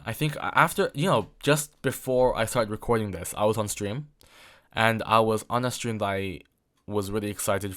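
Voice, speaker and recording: A young man in his late teens from England, talking alone in a rambling podcast, full of fillers and repeated words. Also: fairly low pitch. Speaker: podcast host. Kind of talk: solo rambling chat.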